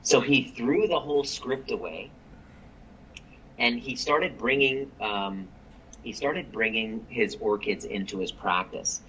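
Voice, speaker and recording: A man of middle pitch speaks as a guest coach on a live call. He tells his story with energy, quoting people and repeating words when excited. A faint hiss sits under his voice. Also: takes it slowly, dull audio.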